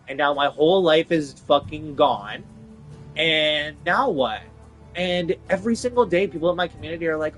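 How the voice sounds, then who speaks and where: A man's voice: on the high side, lively intonation, brisk, a bit bright, soft background music, low-quality recording. A young adult man venting in an agitated, profane, repetitive rant to the camera. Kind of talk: ranting monologue.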